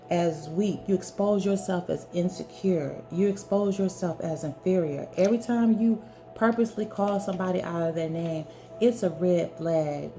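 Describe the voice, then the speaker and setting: A woman's voice: mid-range voice, dark tone. A woman giving an earnest, preachy talk straight to the viewer, hammering her points home with repeated emphatic phrases. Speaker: spiritual wellness speaker. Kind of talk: direct-to-camera talk.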